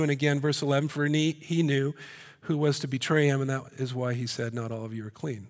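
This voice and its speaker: A man delivering a sermon as a pastor. He speaks in an animated way, mixes in joking asides, and pushes his voice up in pitch and volume to make a point. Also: brisk. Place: church hall. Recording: long hall reverb.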